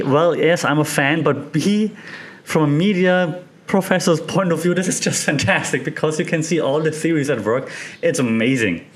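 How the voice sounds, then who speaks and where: An animated man who teaches media studies, talking with real enthusiasm and breaking into laughter as he goes. His pitch sits in an ordinary male middle range. Now and then a small cough slips in. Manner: excited, animated, laughs often. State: occasional cough. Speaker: media professor. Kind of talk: enthusiastic commentary.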